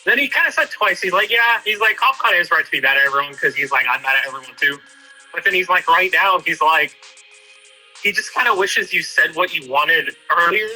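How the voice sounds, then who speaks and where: A man's voice: on the high side, lively intonation, brisk, sharp tone, soft background music, low-quality recording. A man chatting casually with a friend, retelling a talk hesitantly with lots of fillers and "he's like". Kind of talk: casual chat.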